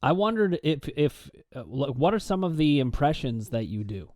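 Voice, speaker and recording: Host from Cleveland: halting man, fairly high with lively pitch, dry mic. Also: no echo. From Cleveland, USA. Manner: halting, repeating words, friendly questions. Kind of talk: casual interview.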